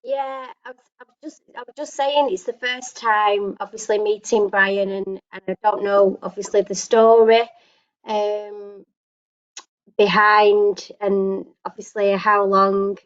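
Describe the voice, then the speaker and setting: A woman sharing her story on a video call, halting and repeating herself. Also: mid-range voice, dry recording. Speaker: support group member. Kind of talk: casual video call chat. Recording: muffled video call audio.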